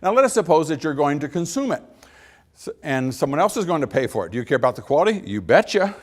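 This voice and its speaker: A man's voice: fairly high pitch, fast talker. A middle-aged man giving a folksy speech, telling stories with acted-out dialogue and chuckling at his own jokes. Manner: animated storyteller, acts out little dialogues, laughs at own jokes. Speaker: speaker.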